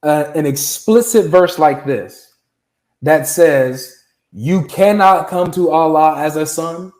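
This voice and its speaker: A man's voice: a little high, takes it slowly, a little mellow. A man in a debate pressing his point with precise, pointed questions. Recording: roomy echo.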